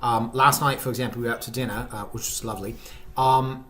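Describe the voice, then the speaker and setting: A Canadian man hamming up a fake British accent, as a vlogger puts it on. He talks at an ordinary mid pitch, stops and starts with plenty of ums, and pokes fun at himself as he goes. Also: fairly even intonation, quick pace, fairly bright tone, close to an everyday voice. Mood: jokey. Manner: hesitant, full of ums and self-mocking asides.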